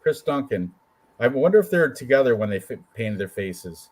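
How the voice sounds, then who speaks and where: A man co-hosting a casual show about fight predictions, joking and animated as he talks through his picks. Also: medium pitch, normal speed, slightly rough. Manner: joking, animated, puts on quoted voices. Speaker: co-host picking fights. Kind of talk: casual chat.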